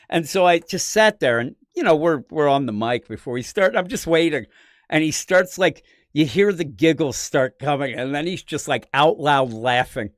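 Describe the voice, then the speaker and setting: A man hosting a podcast, talking casually about comics in an animated, rambling way with frequent laughs. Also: on the high side, normal speed, dry recording, studio quality. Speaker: podcast host. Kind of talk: casual comic book chat.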